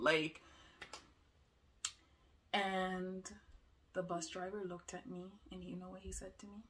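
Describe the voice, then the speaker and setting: A young woman telling a personal story in an emotional, halting way. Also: fairly low pitch, flat delivery, a bit bright. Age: young adult.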